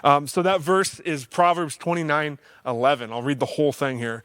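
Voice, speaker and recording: A man hosts a counseling livestream and talks through faith-based advice in a relaxed, conversational way, earnest with a touch of self-deprecating humor. His voice sits slightly high for a man. The sound is dry, with almost no room echo. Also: normal speed, few pauses, smooth. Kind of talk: casual faith-based teaching talk.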